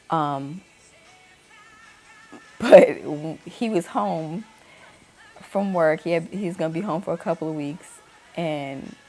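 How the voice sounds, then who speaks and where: A woman's voice: low voice, darkish tone. A woman in her thirties, host of her own talk channel, candidly telling a personal story and acting out the voices of people she quotes. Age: 30s.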